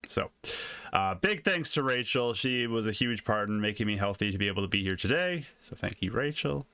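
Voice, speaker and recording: Guy hosting a dnd stream, low voice, dry close sound, easygoing welcome. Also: animated, sharp tone, clear, resonant tone, no echo. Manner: welcoming, unhurried. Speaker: host. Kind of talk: casual show intro.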